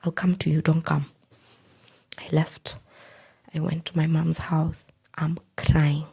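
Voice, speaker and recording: Husky gravelly woman telling a story. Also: sits low, slow pace. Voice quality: very husky, breathy. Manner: animated retelling, acting out quoted lines. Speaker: podcast guest. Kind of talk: personal storytelling.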